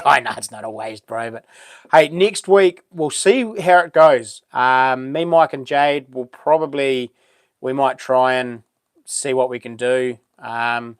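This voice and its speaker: A man's voice: mid-range voice, clear, resonant tone, no echo, clean studio sound. A man with a New Zealand accent hosting a casual live stream, chatting in a laid-back, rambling way with plenty of ums.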